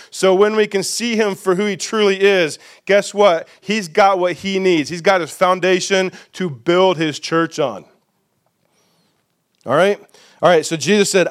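A man's voice: sits high, clear, resonant tone. A man preaching a sermon to his congregation as pastor, emphatic and repetitive, putting questions to the listeners. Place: church sanctuary.

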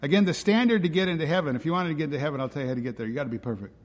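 A man's voice: fairly high pitch, very fast, in a large hall. A man preaching a sermon as pastor, emphatic and driving, often posing rhetorical questions.

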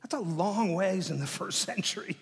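A man preaching a sermon as pastor, dramatic, dropping to hushed whispers and swelling loud, often repeating words as he restarts phrases. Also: high voice, lively intonation, moderate pace, creaky. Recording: long hall reverb.

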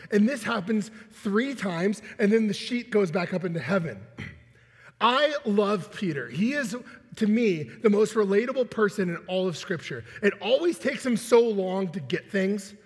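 A male pastor preaching a sermon in a relaxed, conversational way, with joking, self-deprecating asides. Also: high-pitched, moderate pace, breathy edge, long reverb tail.

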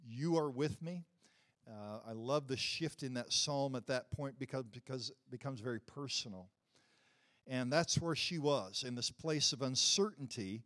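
A male pastor tells a story during a sermon in a medium-pitched, fairly bright voice. He is conversational and self-deprecating, building up to emphatic points.

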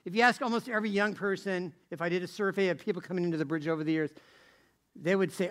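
High-voiced middle-aged male preacher. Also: fairly even intonation, fast, fairly bright tone. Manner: rhetorical, keeps asking "right?", restarts and repeats phrases. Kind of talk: conversational sermon.

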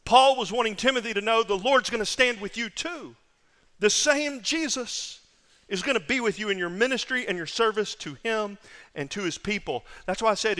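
A male pastor preaching with emphasis, his voice high and bright, leaning hard on repeated phrases. His words ring out with a long hall reverb behind them. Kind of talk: sermon.

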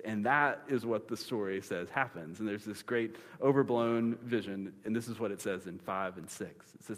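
A man preaching a sermon, retelling a scripture story in a lively, joking way with comic asides. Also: on the low side, moderate pace, hardly any pauses. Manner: animated, playful storytelling with dad-joke humor. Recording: long reverb of a large hall.

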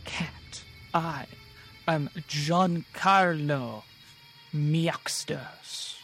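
A man's voice: fairly high pitch, drawn-out words, gravelly, a bit bright, soft background music, heavily acted. A man voicing a pompous, lazy house cat in a tabletop game, drawling dismissively. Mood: grandiose.

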